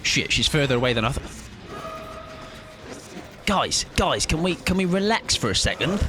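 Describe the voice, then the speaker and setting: A man streaming a game with casual, jokey commentary, often jumping into squealing high-pitched bursts. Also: big pitch swings, moderate pace, over music.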